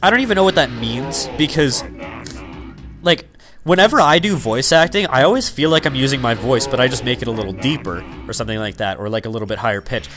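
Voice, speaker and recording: A young man chatting loosely over his gameplay, drifting from topic to topic with plenty of 'like' and 'um'. His voice sits at an ordinary middle pitch. Soft game music plays faintly behind him. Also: expressive, fast talker. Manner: rambling, full of fillers and 'like'. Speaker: let's player. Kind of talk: casual gameplay commentary.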